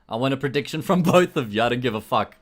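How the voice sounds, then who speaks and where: A man's voice: medium pitch, lively intonation, quick pace. A man with a South African accent casting an esports stream on his own, with a jokey, rambling manner, chatting with viewers between matches. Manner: jokey, rambling banter with frequent restarts. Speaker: esports caster. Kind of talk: solo livestream commentary, chatting with viewers.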